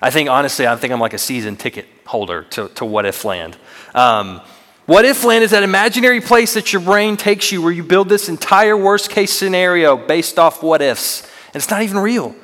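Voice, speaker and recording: A young man serves as a student minister and preaches a sermon in an earnest, conversational way, poking fun at himself now and then. His voice sits on the high side and sounds fairly bright, at a moderate pace. The church sanctuary recording carries the long reverb of a large hall.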